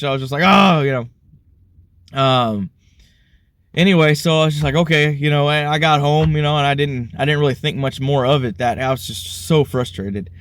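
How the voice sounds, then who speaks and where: A married Alabama man with children talks through his personal faith testimony in a casual vlog. He rambles earnestly and leans heavily on "you know," and his slightly high voice comes through in a dry recording.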